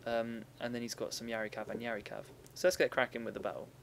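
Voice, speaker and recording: A man's voice: medium pitch, level tone, quick pace, creaky, a little hiss or hum. A young man giving casual, rambling commentary over a recorded strategy game battle, often stopping to correct himself.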